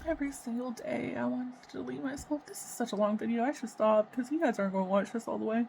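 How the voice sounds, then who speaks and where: A woman talking unscripted to her camera about her own life, halting and emotional, swearing and sighing often. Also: fairly high pitch, creaky, slight background noise, poor audio. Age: adult with children. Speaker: vlogger. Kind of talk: raw unscripted personal talk to camera.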